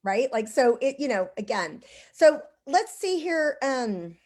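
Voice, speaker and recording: A woman's voice: high voice, sing-song, slow, a little mellow. A woman hosting a casual online conversation, telling stories in a rambling way with lots of "like" and "you know".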